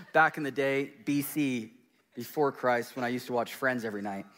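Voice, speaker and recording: A pastor preaching a sermon in a church, swinging between excited bursts and hushed, intimate stretches. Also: male voice, mid-range voice, normal speed.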